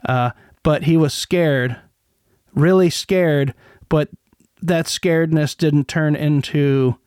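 A man's voice: fairly high pitch, slow, darkish tone, clear, resonant tone, no room sound, clean studio sound. A middle-aged man with a grown daughter, hosting an online show in a rambling, profane monologue with many restarts. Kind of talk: casual commentary monologue.

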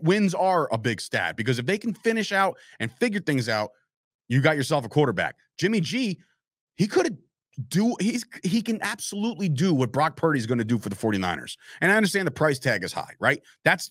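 An opinionated man hosts a live sports talk show, riffing and swearing as he goes. His pitch swings widely from line to line. The sound is close and dry, with no room echo. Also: sing-song, a little fast, a bit bright. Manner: opinionated, rambling, swears, reacts to live chat. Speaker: podcast host.

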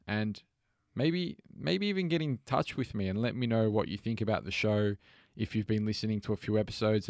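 A man with a slightly low voice speaks directly to his podcast listeners in an earnest, friendly way. He repeats words as he gathers his thoughts, and the recording is dry, with no room sound. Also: a little mellow, no echo. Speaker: podcast host. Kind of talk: casual podcast talk and listener appeal.

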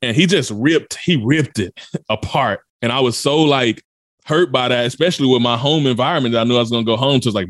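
A man's voice: mid-range voice, quick pace, no echo, clean studio sound. A man from Memphis, telling a story as a podcast guest with urgent, emphatic energy. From Memphis, USA. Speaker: podcast guest, motivational speaker. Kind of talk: dramatic personal storytelling.

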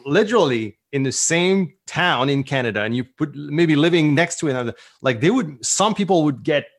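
A man's voice: on the high side, expressive, moderate pace. A middle-aged man, a guest entrepreneur, talking enthusiastically in a rambling, casual way. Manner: enthusiastic, rambling with many "like" fillers. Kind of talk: casual conversational interview.

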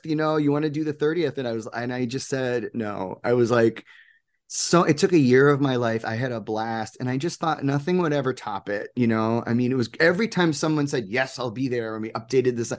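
An enthusiastic man telling stories in an interview. His voice sits at an ordinary pitch, and he brings other people to life by acting out what they said. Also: moderate pace. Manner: animated, enthusiastic, acts out quoted people. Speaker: guest, producer and game maker. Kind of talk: casual interview storytelling.

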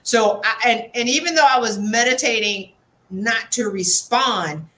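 A woman's voice: a little high, a little slow. Chatty, slangy woman hosting a podcast. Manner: chatty, animated, laughs often, slangy asides. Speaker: podcast host. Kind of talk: casual interview chat.

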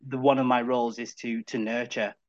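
A man's voice: medium pitch, flat delivery, fairly quick, highs cut off. A man in his thirties from Zambia, a podcast guest talking in an upbeat, chatty way with many restarts. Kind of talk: casual chat.

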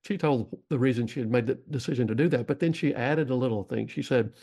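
Middle-aged Texan man, mid-pitched, folksy and rambling, podcast guest. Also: fast, warm tone, husky. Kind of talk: storytelling interview.

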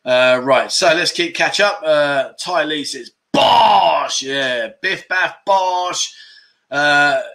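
Animated, bright-voiced man host. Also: on the high side, slow pace, vocal fry. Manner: animated and exclamatory, with loud catchphrases. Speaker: livestream chat show host. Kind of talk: casual chat reading viewer comments.

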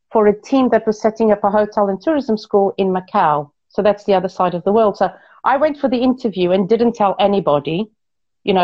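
A woman from Portugal tells a long personal story in relaxed, chatty conversation, restarting sentences and addressing her listeners directly. Her voice sits at an ordinary middle pitch, and the recording is a bit dull and muffled. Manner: chatty, animated, frequent self-corrections and asides to listeners. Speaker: guest telling her life story. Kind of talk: casual storytelling chat.

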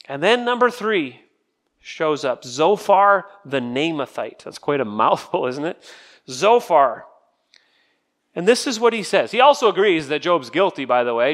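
A man's voice: fairly high pitch, expressive, measured pace, a bit bright. A man teaching a casual sermon-style Bible study, reading scripture dramatically and asking the group questions. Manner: conversational, asks the group questions. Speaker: pastor.

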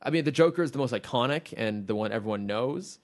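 A man's voice: medium pitch, animated, fast talker. Rambling, enthusiastic male podcast host. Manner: chatty, enthusiastic, rambling with restarts. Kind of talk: casual chat.

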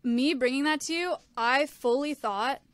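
A woman's voice: high voice, unhurried, dry recording. A young woman co-hosting a podcast, explaining her side in a frank, casual way. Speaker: podcast co-host. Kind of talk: casual chat.

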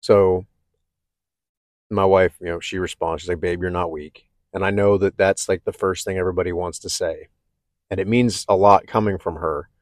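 A man talking candidly and haltingly about his own struggles, with many restarts. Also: low-pitched, steady tone, dry recording, clean studio sound. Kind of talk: personal reflective talk.

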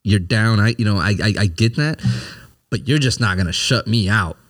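Low-voiced man in his thirties talking openly. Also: animated, moderate pace, heavy background noise. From immigrant family, came to America as a child. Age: 30s. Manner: open, searching, many restarts and fillers. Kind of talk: candid conversation.

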